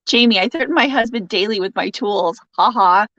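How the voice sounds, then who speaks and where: A woman's voice: medium pitch, fairly quick, sharp tone, no room sound, highs cut off. A woman hosting a casual live stream, reading out viewer comments, joking and laughing often and turning sympathetic when someone shares bad news. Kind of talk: casual chat.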